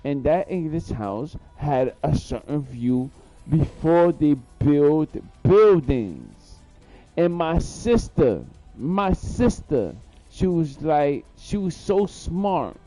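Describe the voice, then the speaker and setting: A man's voice: on the high side, sing-song, slow, warm tone, no room sound, faint music behind. A man on a livestream telling a rambling story, repeating himself and swearing heavily. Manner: profane, repetitive, rambling. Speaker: livestream host.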